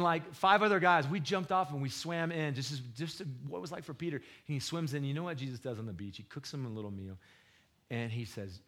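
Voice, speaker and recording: A man preaching a sermon in a conversational, slangy way, swinging between loud bursts and hushed, low retellings of scripture. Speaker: pastor.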